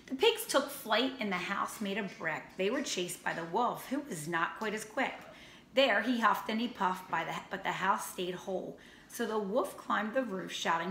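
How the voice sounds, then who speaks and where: A woman who teaches first grade, reading a picture book aloud to her class in a slow, expressive storybook manner. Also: medium pitch. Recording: roomy echo, faint ambient noise.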